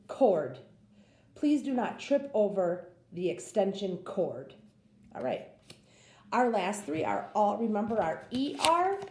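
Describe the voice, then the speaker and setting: Slow, patient woman teaching phonics. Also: medium pitch, a little mellow, reverberant. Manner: slow, patient sounding-out of words. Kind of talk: phonics lesson for children.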